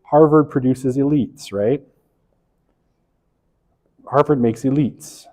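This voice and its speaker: A man's voice: mid-range voice, slow pace, dark tone. Lecturing man in an echoey hall. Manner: conversational, lots of "right?" tag questions; self-correcting, wry asides. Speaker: college sociology instructor. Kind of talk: classroom lecture. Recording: long reverb of a lecture hall.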